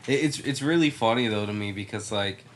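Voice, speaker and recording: A man's voice: on the low side, a little fast, slight background noise. A young man co-hosting a podcast in casual chat, blunt and swearing casually. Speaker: podcast co-host.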